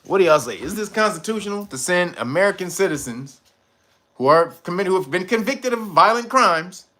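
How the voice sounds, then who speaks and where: Animated, high-pitched, laughing male streamer. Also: a little fast. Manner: animated, laughs often, profane street slang; reads and answers viewer chat. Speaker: livestream host. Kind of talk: casual livestream commentary.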